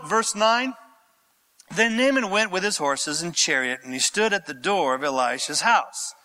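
Man preaching a sermon, high lively voice, slow and dramatic. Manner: animated, theatrical, conversational preaching. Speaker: pastor.

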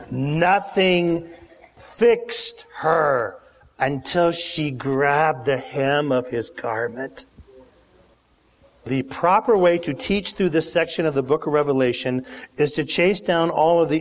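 A male preacher delivering a sermon, dramatic and animated, acting out the lines he quotes. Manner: dramatic, acts out quotes with big pitch swings. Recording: long hall reverb.

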